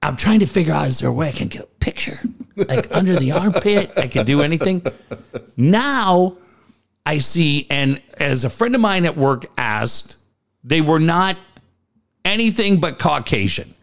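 A man's voice: a little high, moderate pace, vocal fry. A middle-aged man with a Southern Californian accent, co-hosting a studio podcast and telling a story, acting out the voices of the people in it. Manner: animated, acts out quoted voices. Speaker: podcast co-host. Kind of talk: storytelling casual chat.

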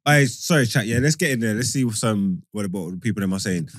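A man's voice: lowish voice, lively intonation, fast, dry recording. Man chatting in London slang, dry mic. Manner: British street slang, restless self-corrections. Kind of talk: casual chat with live chat.

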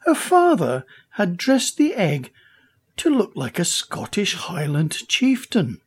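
Slow, husky male storybook reader. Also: sits high. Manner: expressive, unhurried. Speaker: audiobook reader. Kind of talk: storybook narration.

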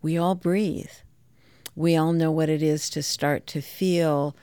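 A woman's voice: low voice, steady tone, slow, dark tone, smooth, dry recording. A woman dance scholar explaining her ideas in a thoughtful, reflective interview.

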